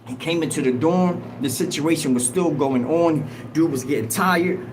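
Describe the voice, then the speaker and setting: A man telling a prison story on a livestream, emphatic and animated, with a lot of swearing. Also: fairly high pitch, moderate pace. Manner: animated, emphatic street talk with profanity. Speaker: host. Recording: noisy background ambience.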